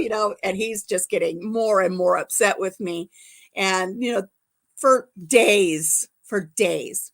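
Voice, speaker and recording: An older woman hosting a casual livestream chat, telling stories warmly and laughing often. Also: medium pitch, measured pace. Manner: chatty storyteller, laughs often. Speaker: livestream host.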